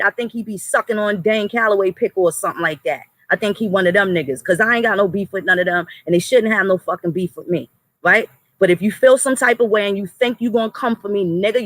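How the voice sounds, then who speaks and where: An adult streamer, speaking in a slightly bright mid-range voice, lashes out at chat and the moderators directly with lots of cursing and threats. It comes through on a low-quality recording.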